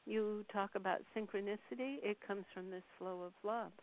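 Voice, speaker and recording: A woman channeling a spirit's words on a phone call, speaking in a slow, measured, soothing way with long pauses. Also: medium pitch, fairly even intonation. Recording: tinny phone line with faint hiss.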